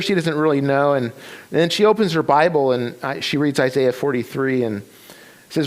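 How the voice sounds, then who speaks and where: A man's voice: fairly high pitch, brisk. A man preaching a sermon, retelling a story with many restarts and quoted voices. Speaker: pastor. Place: church sanctuary.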